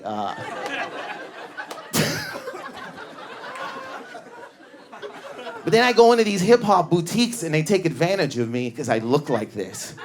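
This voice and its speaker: A man doing a stand-up set with frantic, neurotic energy, self-mocking throughout, in a fairly high voice. He is on a stage mic in a comedy club, and a live crowd laughs loudly behind him. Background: audience laughter.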